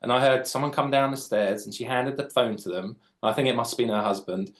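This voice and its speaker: Talking fast in a mid-range voice, a children's author in his late 40s cracks jokes and chats while drawing live for young readers, narrating each step.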